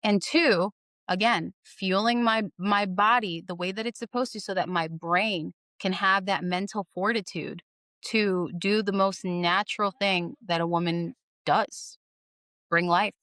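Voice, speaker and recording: An earnest young woman talks as a podcast guest, leaning on repeated phrases to drive her points home. Her voice sits at an ordinary middle pitch. The recording is dry and close, with almost no room sound. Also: steady tone, measured pace, a bit bright, no room sound. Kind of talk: casual interview storytelling.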